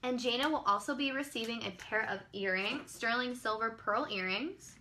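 A woman hosting a live online sales show, gushing and exclaiming excitedly as she presents each item. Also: fairly high pitch, normal speed. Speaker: live-stream pearl seller.

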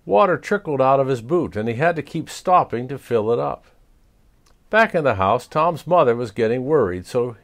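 A man reading a children's storybook aloud as storyteller, expressive and chuckling. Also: mid-range voice.

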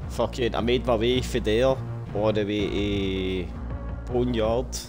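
A man's voice: lowish voice, steady tone, slow pace, music in the background. A Scottish man streaming a game, chatting casually with heavy swearing and blunt banter. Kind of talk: casual gaming chat.

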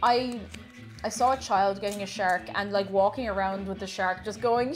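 A woman's voice: mid-range voice, steady tone, moderate pace, faint music behind. A young woman chatting cheerfully on a live stream while baking, greeting viewers and repeating her phrases.

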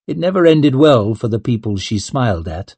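A man reading a fantasy novel aloud, measured and steady. his voice is somewhat husky, mid-pitched, and recorded close and dry with no room sound. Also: no room sound. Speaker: audiobook narrator. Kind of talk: scripted narration.

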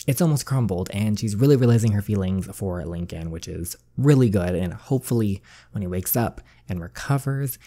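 A man chats casually as he plays through a story game, gushing and reacting as he goes. His voice is mellow and dark, with an easy, talkative manner. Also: lowish voice, animated, fairly quick, hardly any pauses. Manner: chatty, gushing, uses "like" a lot. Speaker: gaming channel host. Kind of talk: casual let's-play commentary.

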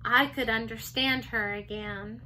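Woman reading a storybook slowly. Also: a little high, fairly even intonation, bright, forceful tone, slight background noise, poor audio. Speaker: teacher reading aloud. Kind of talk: storybook read-aloud.

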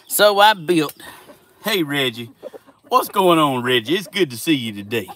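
A man chatting casually outdoors by his animal pens, slow and doting, slipping into baby-talk with his animals. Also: on the high side, expressive. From Southern United States. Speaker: vlogger. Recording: loud outdoor background noise. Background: chickens clucking and roosters crowing.

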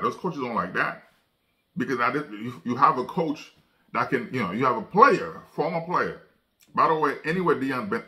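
A man giving casual sports commentary, talking emphatically, stammering and restarting his sentences over and over. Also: mid-range voice. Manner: emphatic, animated when quoting others.

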